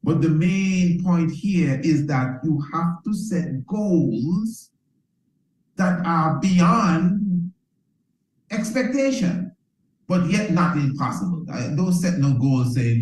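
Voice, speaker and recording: A man's voice: fairly high pitch, lively intonation, slow, darkish tone. Man, motivational speaker, preacher-like repetition, calls listeners family, echoey room. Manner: preacher-like, repeats phrases, asks "you understand?"; calls listeners "family", leads them in call and response. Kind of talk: motivational talk to an audience.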